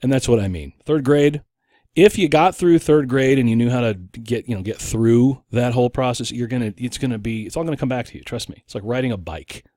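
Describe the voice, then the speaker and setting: A man's voice: mid-range voice, fairly quick, dry recording, clean studio sound. A man hosting an opinion podcast, talking in a casual monologue and often stopping to restart his sentences. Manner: animated, with frequent restarts and acted-out quotes. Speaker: podcast host.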